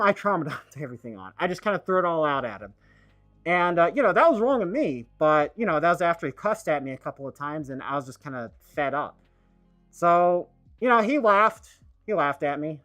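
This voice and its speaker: A man streaming a casual monologue, rambling and halting, full of fillers and restarts. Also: on the high side, bright, forceful tone, dry recording.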